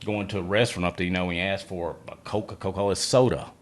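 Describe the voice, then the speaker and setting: A man in his fifties from Alabama with a Southern drawl, co-hosting a casual podcast chat and talking in halting, rambling runs. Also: low voice, steady tone. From Alabama, USA. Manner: rambling, halting, quick to laugh. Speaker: podcast co-host.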